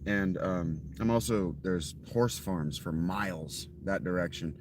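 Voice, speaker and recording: Male gaming streamer, deep-leaning voice, deadpan profane chatter over steady background noise. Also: measured pace. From Ohio. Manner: dry, offhand, profane. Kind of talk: casual live game commentary.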